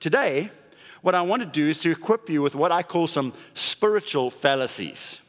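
A man's voice: a little high, lively intonation, normal speed. A man pastor giving a conversational sermon, leaning hard on stressed words for emphasis. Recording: long hall reverb.

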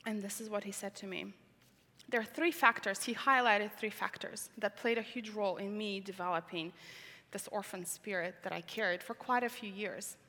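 A woman's voice: mid-range voice, fairly even intonation, normal speed, bright, forceful tone. A woman from Tajikistan, speaking English as a second language, telling a personal testimony in an earnest storytelling way, repeating words for emphasis. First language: not English. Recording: reverberant large hall.

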